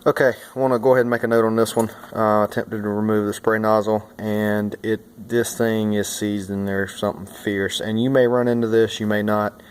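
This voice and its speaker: A man's voice: on the low side, level tone, normal speed, few pauses, smooth. A man talking through a repair step by step in a casual, folksy way, with many fillers. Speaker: mechanic and channel host. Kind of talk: hands-on repair tutorial.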